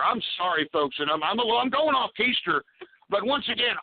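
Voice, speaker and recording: A man's voice: high voice, normal speed. Angry ranting talk radio man. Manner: swears a lot. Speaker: radio talk show host. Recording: tinny phone-like radio audio.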